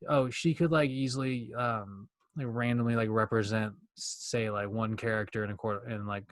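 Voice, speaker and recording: A young man co-hosting a podcast in casual chat, talking fast and rambling, with plenty of swearing. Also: on the low side, fairly even intonation, no echo, clean studio sound. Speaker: podcast co-host.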